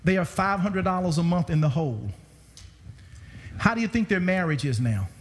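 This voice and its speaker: Animated male preacher in a reverberant hall. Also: moderate pace, slight background noise. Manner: animated preaching with sudden pitch swings. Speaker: guest preacher. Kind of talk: sermon. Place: church sanctuary.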